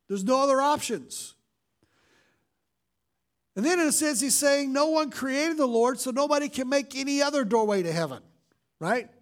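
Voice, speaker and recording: High-voiced man preaching casually. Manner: conversational preaching with frequent fillers and dramatic quoted lines. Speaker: pastor. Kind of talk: sermon.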